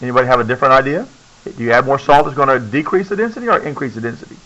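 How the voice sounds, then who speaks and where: A man's voice: medium pitch, animated, very fast, fairly bright tone, highs cut off. A male science teacher lecturing a classroom, keeps checking in with "okay?" and coaxing students to speak up.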